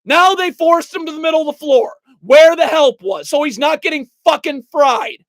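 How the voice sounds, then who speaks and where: A basketball analyst giving an angry, exasperated play-by-play breakdown of game film, shouting and cursing, at times breaking into helpless laughter. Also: high-pitched, normal speed, dry recording.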